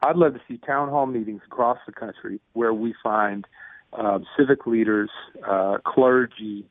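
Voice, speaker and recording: A man's voice: fairly low pitch, a little slow, dry recording. A man in his fifties, a guest in an interview, telling stories earnestly and acting out the dialogue. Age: 50s. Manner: earnest storyteller, acts out dialogue. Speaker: guest, prison ministry speaker. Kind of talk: conversational interview over the phone. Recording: tinny phone line.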